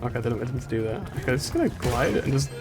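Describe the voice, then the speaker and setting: A man's voice: mid-range voice, fast, music in the background. A man from England streaming a video game, rambling through stories and laughing often. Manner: rambling and animated, laughs often, many restarts. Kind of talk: casual gaming commentary.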